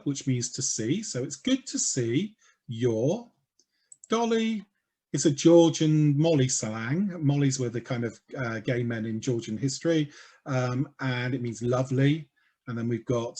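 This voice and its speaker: A man giving an educational talk, explaining in a lively, playful way with quick asides. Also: medium pitch, breathy edge. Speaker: speaker on language history.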